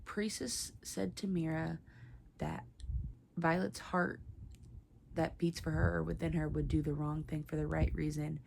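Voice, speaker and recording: A woman's voice: deep voice, flat delivery, a little slow, creaky, darkish tone, a little hiss or hum. A young woman reacting emotionally and tearfully while reading, exclaiming and muttering to herself as she recaps the story. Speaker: book vlogger. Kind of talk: casual reading vlog reactions.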